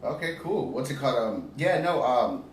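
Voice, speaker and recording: A man's voice: medium pitch, sing-song, moderate pace. A man co-hosting a podcast, rambling and self-mocking in casual chat. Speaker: podcast co-host. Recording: echoey room, distant mic, faint noise.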